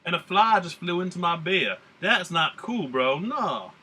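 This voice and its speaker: A man's voice: high-pitched, expressive, a little slow, bright, forceful tone, husky. A man from the United States hosting a casual beer-tasting vlog in a put-on American Southern drawl, rambling and laid-back with slang. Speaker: beer reviewer.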